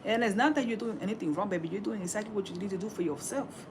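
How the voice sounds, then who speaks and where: A livestream host in her forties talks very fast at a medium pitch, handing out sassy, preachy relationship advice to her viewers in a casual chat and calling everyone baby. Noise fills the background.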